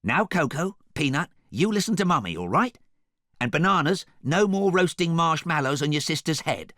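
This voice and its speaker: A man voicing a chatty male donkey who fusses and chatters excitably. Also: fairly high pitch, moderate pace, dry recording, clean studio sound, voice pushed up. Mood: fussing.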